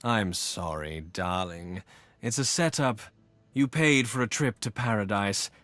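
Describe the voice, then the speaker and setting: A man's voice: on the low side, a little slow, fairly bright tone, no room sound. An actor playing a seductive male con-man lover who teases and condescends in a video game. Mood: teasing. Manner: teasing, purring, condescending.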